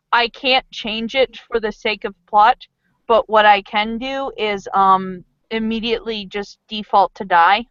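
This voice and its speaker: A woman game master in casual, chatty talk about a tabletop game, excitable and full of fillers. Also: mid-range voice, clean tone, dry recording, dull audio.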